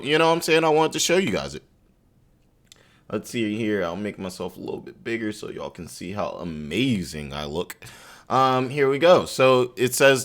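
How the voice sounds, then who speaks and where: A man's voice: medium pitch, fairly bright tone. Chatty man giving casual commentary. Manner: chatty, loose, repeats "you know what I'm saying". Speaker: business news commentator. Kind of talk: casual commentary reacting to a video.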